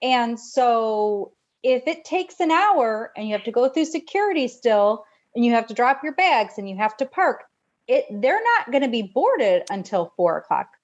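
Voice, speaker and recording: A woman's voice: fairly high pitch, very animated, normal speed, lo-fi sound. A woman co-hosting a podcast, chatting casually and gushing with enthusiasm. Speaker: podcast co-host.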